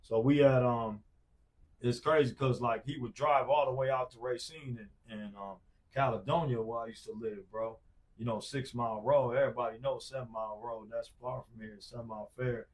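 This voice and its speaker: Brief: man, forties, from Wisconsin, podcast guest storytelling, loose slang, mid pitch, recorded a bit off-mic. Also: steady tone, normal speed. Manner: loose, slangy, many fillers and repeated "bro". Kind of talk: casual storytelling chat. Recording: distant mic.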